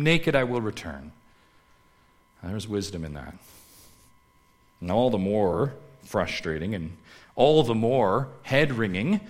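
A pastor with a fairly low male voice delivers a sermon. He rises to loud, pressing emphasis, then drops to quiet, heavy asides. He often turns to his listeners with rhetorical questions. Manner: preaching with wide swings between loud emphasis and hushed low asides.

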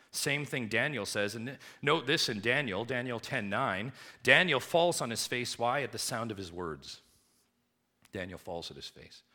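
A man preaching a sermon to his congregation, with booming high emphasis that drops to quiet, hushed lows. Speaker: pastor.

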